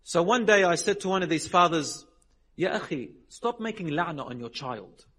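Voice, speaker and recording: A man preaching a sermon, telling stories with lively voiced dialogue and dropping Arabic religious phrases. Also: sits high, normal speed. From Lebanon. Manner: animated storytelling, acting out quoted people. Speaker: Islamic preacher.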